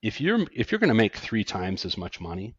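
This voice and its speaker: A man's voice: lowish voice, fairly quick, slightly rough, no room sound, lo-fi sound. A middle-aged man, an accountant and podcast guest, talking casually and animatedly, with frequent restarts. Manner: animated, self-deprecating, stammers on restarts.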